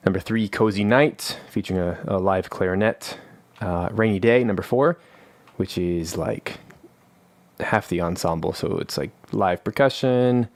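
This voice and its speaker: A man hosts a casual live stream from his home studio while fighting a cold. His voice sits a little low, and he talks in a rambling, self-deprecating way. The vocal mic gives a dry, close sound with no room echo. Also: measured pace, darkish tone. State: has a cold. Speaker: live stream host and composer. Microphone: studio vocal mic through a manual analog mixer.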